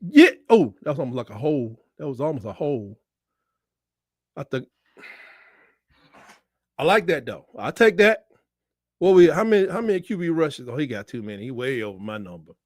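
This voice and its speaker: A man hosting a live football watch-along, shouting at big plays and talking in casual slang. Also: medium pitch, lively intonation, moderate pace, long pauses, no echo, studio quality. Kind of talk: excited game-watch commentary.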